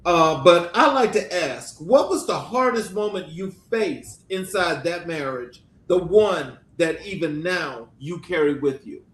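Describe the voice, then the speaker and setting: A man interviewing a guest, asking questions in a gentle, measured way with frequent filler sounds. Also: fairly high pitch, expressive. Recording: roomy echo.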